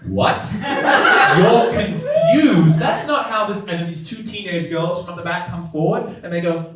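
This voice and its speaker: A young man performing a stand-up story, switching between deadpan narration and exasperated, disbelieving outbursts. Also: high voice, measured pace, slight background noise. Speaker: stand-up comedian. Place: comedy venue stage. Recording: echoey venue heard from a distance with music.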